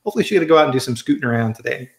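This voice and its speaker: A man's voice: mid-range voice, lively intonation, very fast. A man hosting a casual live-stream chat, upbeat and chatty, greeting viewers and his guest. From American Midwest. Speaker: livestream host. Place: home studio, Colorado. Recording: roomy echoey home room.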